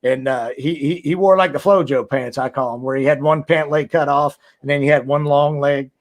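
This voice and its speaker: A man's voice: fairly high pitch, steady tone, a little fast. A man on a video call, telling loose, profane stories about his wrestling days and acting out the quotes. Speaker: podcast co-host, former wrestler. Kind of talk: casual profane storytelling.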